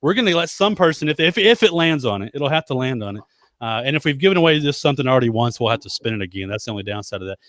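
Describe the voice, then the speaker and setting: A man's voice: medium pitch, animated, rapid-fire, fairly bright tone, no room sound. Chatty man hosting a live show. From United States. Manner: chatty, rambling, self-deprecating jokes. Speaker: host. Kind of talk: casual live-stream chat.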